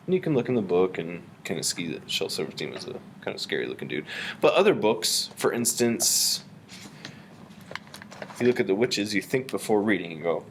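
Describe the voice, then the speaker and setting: A man teaching a reading lesson, explaining and reading a poem aloud with an expressive voice. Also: low-pitched, a little fast, slight background noise. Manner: animated, reads aloud with a rising expressive voice.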